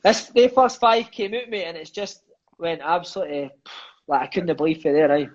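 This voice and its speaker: A man's voice: fairly high pitch, lo-fi sound. A Scottish man in his thirties, a podcast guest telling stories in casual chat, swearing freely and peppering his talk with "mate" and "aye". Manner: swears freely, fills lines with "mate" and "aye", quick enthusiastic storyteller.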